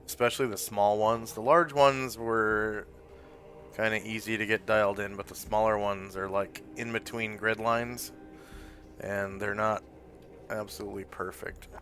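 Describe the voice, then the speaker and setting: A man's voice: lowish voice, level tone, a little slow, a bit bright, slight background noise. A man narrating a tabletop game as game master, hesitant and full of fillers.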